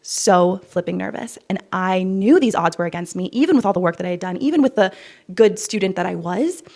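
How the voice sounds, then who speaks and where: A woman in her twenties telling a personal story in a vlog, animated and acting out what people said. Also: creaky. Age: 20s. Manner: animated, re-enacts quotes with big jumps in pitch. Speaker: vlogger.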